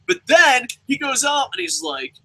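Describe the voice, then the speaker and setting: A man's voice: very high-pitched, measured pace, creaky, sharp tone, rough recording. A young adult man ranting through a profane wrestling review, swearing nonstop and mocking the people he talks about. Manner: swears constantly, rants, mimics people mockingly.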